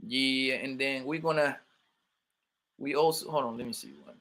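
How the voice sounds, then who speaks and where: A man's voice: mid-range voice, fairly even intonation, normal speed, creaky, a bit bright. A young man hosting a casual livestream, asking viewers questions and muttering to himself while he checks the feed. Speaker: livestream host.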